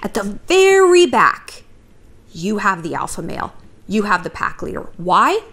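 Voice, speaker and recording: A woman in her thirties talking casually to camera, giving frank dating advice with swearing and quick story asides. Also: mid-range voice. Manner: chatty, swears freely, lively storytelling asides. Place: home near a river, outside noise.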